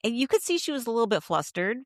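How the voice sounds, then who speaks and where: A woman's voice: on the high side, big pitch swings, fast, no echo, clean studio sound. A woman co-hosting a podcast, recapping reality TV in casual chat, blunt and swearing freely, often laughing and acting out quotes. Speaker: podcast co-host.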